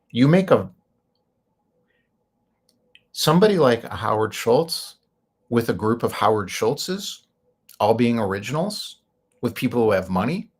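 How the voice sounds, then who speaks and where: A man's voice: lowish voice, gravelly, slightly rough. A man hosting a show, talking in a rambling, opinionated way and laughing often. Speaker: host. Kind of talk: casual monologue.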